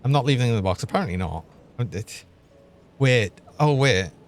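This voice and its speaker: A man's voice: mid-range voice, expressive, normal speed, soft background music. A young man, chatting and laughing as he streams a game. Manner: chatty, laughs often, thinks aloud. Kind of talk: live gameplay commentary.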